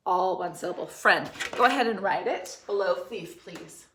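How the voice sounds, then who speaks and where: A woman teacher leading a third grade spelling dictation, speaking slowly and sounding out each syllable and letter with care. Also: on the low side, sharp tone. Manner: slow, clearly enunciated, sounding out letters and syllables. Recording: roomy echo.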